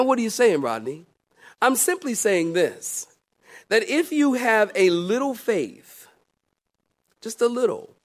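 A male pastor preaching a sermon, calling out to the congregation and swinging from soft, confiding asides to loud, emphatic declarations. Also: high voice. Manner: calls out to the congregation.

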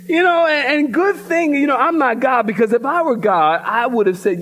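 A man preaching a sermon as pastor in a church, telling stories in an animated way and sometimes shouting. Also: very high-pitched, normal speed, soft background music.

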